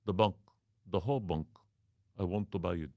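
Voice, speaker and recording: Man doing a mock-accented rich caller, stilted, formal, deadpan, low voice. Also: normal speed, no echo, studio quality, natural voice. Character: comic foreign-accented rich sheik prank caller.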